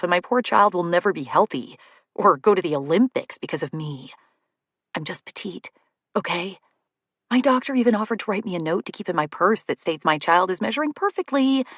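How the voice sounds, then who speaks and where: Expressive woman reading an audiobook. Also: fairly low pitch, no echo, studio quality. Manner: expressive, comic, emotional first-person reading. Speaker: audiobook narrator. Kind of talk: first-person audiobook narration.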